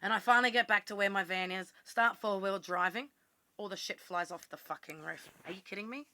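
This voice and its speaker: Australian woman vlogger; very bright, sharp tone, dry close mic, blunt storyteller who swears casually. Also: medium pitch, steady tone, brisk, dry recording. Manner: blunt, swears freely, quotes herself.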